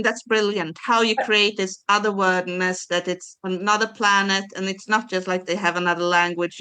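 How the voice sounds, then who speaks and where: Smooth-voiced woman podcast co-host. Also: lowish voice, sharp tone. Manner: enthusiastic, explains at length. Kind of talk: casual chat.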